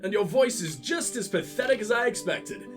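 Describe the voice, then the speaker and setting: A man's voice: high-pitched, expressive, normal speed, faint music behind. A man commentating on his own gameplay, sarcastic and profane, mocking what he sees. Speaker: let's play host.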